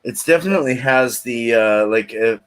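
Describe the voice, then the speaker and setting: A man's voice: medium pitch, moderate pace. A man hosting a casual beer review livestream, talking loosely with laughing outbursts. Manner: loud, laughing outbursts and shouted impressions. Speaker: host.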